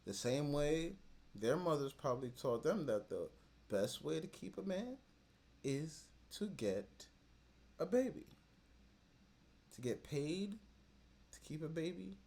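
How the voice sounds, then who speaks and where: A man's voice: a little high, expressive, slow pace, pauses often, mellow. A man hosting a reaction video, commenting and telling stories in a blunt, slangy way that swings between mumbling and sudden outbursts. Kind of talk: casual commentary and storytelling.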